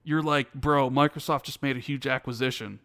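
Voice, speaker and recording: A man co-hosting a casual gaming podcast, telling stories with lively acted-out dialogue and many restarts. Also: mid-range voice, fairly quick, dry recording, clean studio sound. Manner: animated storytelling, acts out quoted dialogue. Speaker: podcast co-host. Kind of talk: casual chat.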